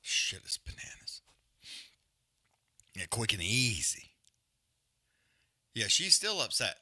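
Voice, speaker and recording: A man's voice: lowish voice, sing-song, slow pace, pushed and bright. A man hosting a live fight watch-along, breaking down the action in loose, profane, slangy commentary.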